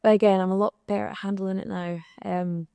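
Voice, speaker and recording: A woman's voice: medium pitch, level tone, brisk, gravelly, mellow, clear, resonant tone, no echo, studio quality. A young Scottish woman, a singer, telling stories candidly in a live panel conversation, acting out the exchanges she quotes. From Scotland. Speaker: singer and guest. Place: live podcast recording in an arts venue.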